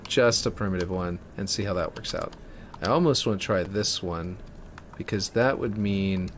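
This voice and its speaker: A man giving casual, rambling commentary as he builds a game map, thinking out loud and correcting himself as he goes. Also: lowish voice, slight background noise.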